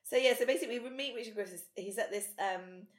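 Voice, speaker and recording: A woman's voice: on the high side, quick pace. Podcast co-host: British woman, casual recap voice, loose and filler-heavy, room echo. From Britain. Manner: chatty, recaps the plot with many fillers. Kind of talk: casual chat recapping a TV episode. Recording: roomy echo.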